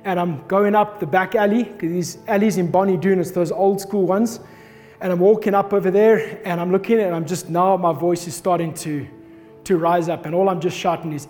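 A man in his thirties delivers a sermon built around a personal story, acting out his own shouts as he tells it. His voice sits high for a man. It rings with the long reverb of a hall, with faint music playing underneath. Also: steady tone, a little fast. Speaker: pastor.

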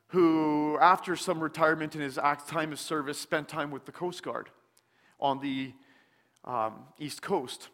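A man preaching a sermon in a church, speaking slowly and deliberately with many pauses, often dropping to a soft, hushed tone. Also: on the high side, long reverb tail. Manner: slow, deliberate delivery with frequent pauses, dropping softer on scripture. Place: church sanctuary.

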